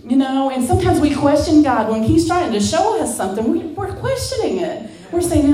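A middle-aged woman sharing a spiritual testimony as a guest. She tells it as an animated story, acts out her own past words and speaks straight to her listeners. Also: sits high, fairly quick, few pauses. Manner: talks straight to listeners as "y'all". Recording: roomy sound from a distant mic.

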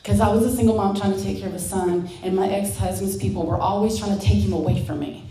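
A middle-aged woman sharing a spiritual testimony as a guest. She tells it as an animated story, acts out her own past words and speaks straight to her listeners. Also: medium pitch, fast. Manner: talks straight to listeners as "y'all". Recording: roomy sound from a distant mic.

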